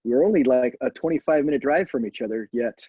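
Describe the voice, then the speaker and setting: A man's voice: mid-range voice, quick pace, husky, dry recording, muffled recording. A man hosting a live online event from home, casual and chatty with lots of fillers and laughs. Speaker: host. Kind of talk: casual live-stream chat.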